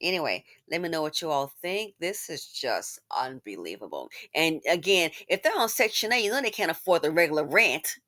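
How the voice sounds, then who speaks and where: A woman hosting a commentary channel, talking casually with sarcastic asides that swing between loud exclamations and muttered remarks. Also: on the low side, lively intonation, fairly quick, few pauses.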